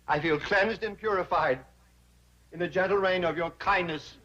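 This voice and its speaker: Greedy old banker, pompous and flowery, high bright voice, dull old TV sound. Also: male voice, moderate pace, a little hiss or hum. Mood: wheedling. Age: older. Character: fussy, greedy older male banker, fawning.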